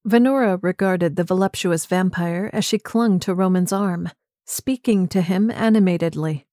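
A woman's voice: on the low side, normal speed, mellow, no echo, clean studio sound. A woman narrating excerpts from several novels as an audiobook reader. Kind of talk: scripted narration.

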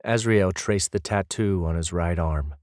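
A man narrating a fantasy audiobook in an even, measured way. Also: sits low, no room sound, studio quality.

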